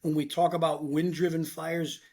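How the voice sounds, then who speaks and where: A man's voice: fairly high pitch, moderate pace. A middle-aged man, a former fire lieutenant telling blunt stories in a casual chat and acting out what people said. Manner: blunt, animated storyteller who acts out quotes. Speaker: retired fire lieutenant, podcast guest.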